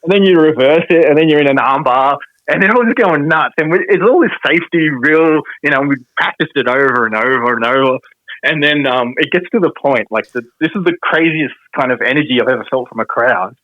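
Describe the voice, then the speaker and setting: A man's voice: fairly high pitch, fairly quick, no room sound, muffled recording. An Australian man, a pro wrestler on a podcast, telling a story casually, laughing often and swearing mildly.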